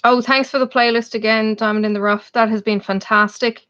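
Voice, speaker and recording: A woman's voice: on the high side, steady tone, brisk, fairly bright tone. Chatty Irish woman hosting a livestream. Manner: chatty, laughs often, reads out viewers' names. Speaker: livestream host. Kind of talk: casual live chat with viewers. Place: home, in Australia. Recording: dull lo-fi stream audio.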